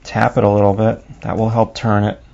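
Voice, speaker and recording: Gravelly low-voiced man teaching drawing. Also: monotone, darkish tone. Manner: unhurried, talks himself through each stroke while drawing. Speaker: drawing instructor. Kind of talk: step-by-step drawing lesson. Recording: dull lo-fi recording.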